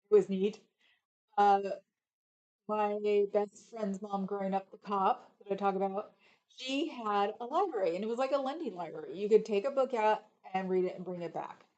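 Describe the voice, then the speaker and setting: A woman's voice: mid-range voice, normal speed, mellow, highs cut off. A middle-aged woman from California hosting a livestream, chatting casually and reading viewer comments aloud. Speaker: livestream host reading chat. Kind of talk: casual rambling chat.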